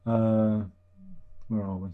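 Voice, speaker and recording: A middle-aged British livestream host reads his chat aloud and answers casually, mixing in dry jokes and chuckles. His low-leaning voice stays level in tone and moves slowly, and the audio has a phone-quality sound.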